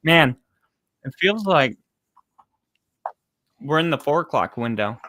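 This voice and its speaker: A man's voice: on the high side, lively intonation, slow, dry recording, rough recording. A man hosting a live football reaction stream, chatting casually and reacting to plays. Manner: casual, reacts loudly to plays and baby-talks his dog. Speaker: livestream host.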